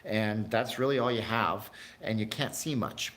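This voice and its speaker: Rambling low-voiced man hosting a livestream. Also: a little slow, a bit bright. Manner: rambling, chatty, jumps between tangents; talks to live chat viewers. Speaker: livestream host. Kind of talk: casual livestream chat.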